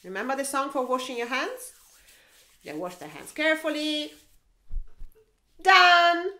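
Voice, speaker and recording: A woman teacher reading a picture book aloud to children in an animated, playful way, with mouth sounds and sing-song asides. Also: high voice, measured pace, roomy sound. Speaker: teacher and storyteller.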